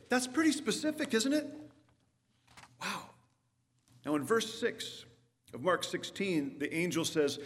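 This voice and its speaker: A man's voice: fairly high pitch, animated, normal speed, long reverb tail. A man preaching a sermon, talking through scripture in a conversational way and putting questions to his listeners. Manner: conversational, asks the audience questions. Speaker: pastor.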